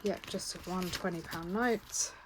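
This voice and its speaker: This British budgeting vlogger has a lowish voice and a measured pace as she chats through her savings in a casual vlog, counting aloud and sometimes pausing to correct herself. Clear background noise and keyboard clicks run under her voice.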